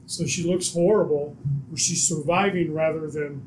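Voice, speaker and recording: A man's voice: a little high, steady tone, normal speed, a little mellow, slight background noise. A man co-hosting a casual wrestling podcast, adding dry interjections. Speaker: podcast co-host. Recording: echoey room mic.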